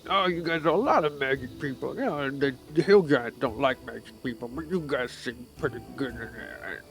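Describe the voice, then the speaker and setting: A man's voice: mid-range voice, normal speed, fairly bright tone, lightly acted. Guy playing a drunk hill giant, slurry and grumbly, rambles a lot, faint music under it. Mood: tipsy.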